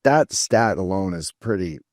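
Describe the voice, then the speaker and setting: A man with a deep, low voice talks in an easygoing, matter-of-fact way. He is a podcast co-host. The sound is dry and close to the mic. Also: expressive, measured pace, darkish tone, no room sound. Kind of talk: casual podcast chat.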